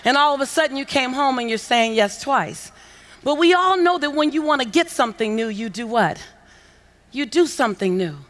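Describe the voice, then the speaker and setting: A woman giving a motivational keynote on a conference stage, coaxing the audience into call-and-response and building to shouts with repeated phrases. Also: high voice, expressive, normal speed. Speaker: motivational speaker. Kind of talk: keynote speech to a conference crowd. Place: large conference hall on stage.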